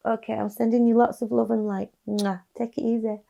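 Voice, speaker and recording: A woman giving a casual, chatty tarot reading to camera, soft-spoken with little sighs. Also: on the high side, little pitch movement, fairly quick, creaky, muffled recording. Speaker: tarot card reader.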